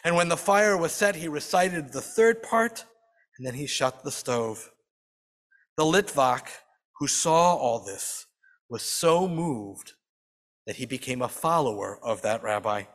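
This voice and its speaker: A man's voice: a little high, expressive, a little slow, fairly bright tone. Man telling a sermon story in a hall. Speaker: storyteller leading a Sabbath service. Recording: long hall reverb.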